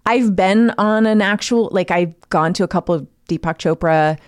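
A woman's voice: fairly low pitch, normal speed, darkish tone, clear, resonant tone, no room sound, clean studio sound. A woman co-hosting a podcast in casual chat, opinionated and acting out her own reactions. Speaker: podcast co-host.

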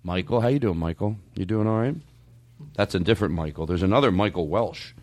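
A man's voice: sits low, brisk, a little mellow, no room sound. A middle-aged man hosting a comedy podcast, rambling and joking, with frequent restarts and goofy bits. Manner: rambling, jokey, lots of restarts and goofy voices. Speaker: podcast host. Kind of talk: casual comedic chat.

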